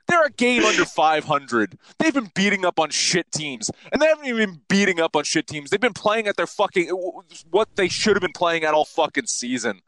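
A man's voice: high voice, rough recording. A man co-hosting a sports betting podcast, ranting with heavy swearing in casual chat. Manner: profane, ranting, animated. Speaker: podcast co-host.

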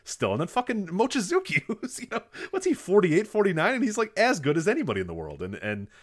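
Fast, lively man chatting about wrestling. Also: sits high. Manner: laughs often, animated, swears casually. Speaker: podcast co-host. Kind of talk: casual wrestling podcast chat.

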